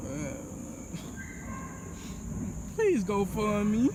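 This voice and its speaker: A man's voice: high voice, a little slow, noisy background. A young man vlogging outdoors on a phone camera, exasperated and repeating himself as he shows damage. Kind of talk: dramatic vlog walkthrough.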